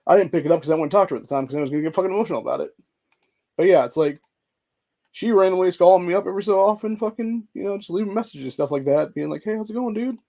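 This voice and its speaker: A man's voice: high-pitched, rapid-fire, creaky, warm tone. A man in his forties venting in a rambling, profane monologue, emotional and stressed out. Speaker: vlogger.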